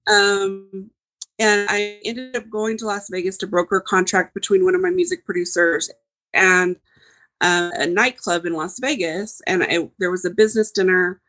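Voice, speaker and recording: A woman's voice: on the low side, steady tone, moderate pace, fairly bright tone, rough recording. A woman giving a personal testimony in a casual way, full of "like" fillers. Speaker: guest.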